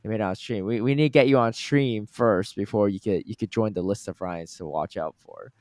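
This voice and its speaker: A man's voice: fairly low pitch, brisk, a little mellow, no echo. An American man co-hosting a casual podcast, reading out viewer comments and laughing easily. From United States. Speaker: podcast co-host.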